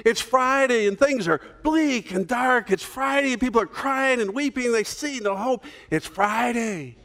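A man voicing an older male pastor who preaches slowly and builds a repeated refrain toward shouting. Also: extremely high pitch, voice pushed up, exaggerated voice. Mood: building fervor.

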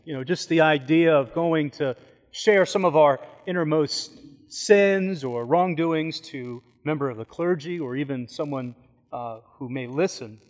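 A man delivers a sermon in a church, his slightly high-pitched voice carrying a long reverb through the hall. He talks in an easy, conversational way and slips in joking asides between points. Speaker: pastor. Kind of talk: sermon with storytelling. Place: church sanctuary.

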